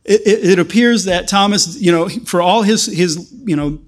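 High-voiced male preacher, earnest. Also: normal speed. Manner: earnest, stumbling restarts, building to emphatic. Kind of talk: sermon.

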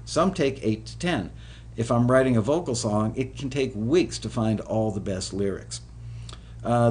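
A man hosting a music production show, giving relaxed, rambling advice with many fillers. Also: fairly low pitch, a little hiss or hum. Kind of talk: casual instructional talk.

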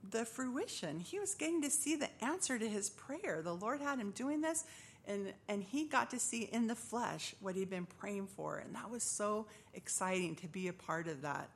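Gravelly woman giving a church testimony. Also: on the high side, slight background noise. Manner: earnest storytelling, acts out voices in quotes. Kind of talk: personal testimony.

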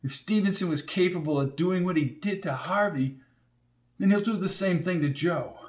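A man's voice: sits high, moderate pace, a little mellow, distant mic, pitched above the performer's own voice, natural voice. A male narrator voicing a worried woman who speaks in a shaky voice. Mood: anxious. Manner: shaky, anxious.

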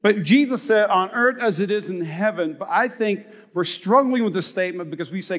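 A man in his thirties preaching a sermon as pastor, animated and joking, rising to shouts for emphasis. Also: high-pitched, brisk, hardly any pauses. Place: church hall. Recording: reverberant hall.

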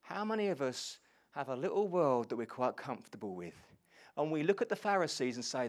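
A man's voice: medium pitch, a little fast. A man preaching a sermon and asking the congregation questions. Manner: animated, asks the congregation questions.

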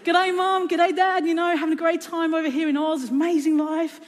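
A woman's voice: extremely high pitch, level tone, brisk, long reverb tail, voice pushed up. A woman voicing her teenage self, a cheery girl faking an Australian accent with breezy slang. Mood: chirpy. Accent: put-on Australian.

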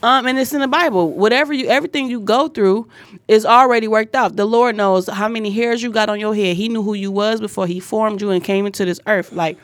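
A woman's voice: mid-range voice, brisk, no room sound. Blunt, profane woman preaching casually. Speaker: podcast co-host. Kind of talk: casual podcast chat.

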